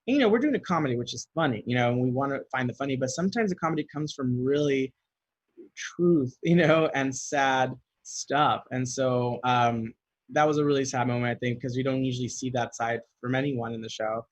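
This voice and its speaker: A man's voice: medium pitch, a little fast, dry recording, lo-fi sound. A man answering fan questions in a casual video, chatty and giggly, reading each question aloud and then rambling through his answer.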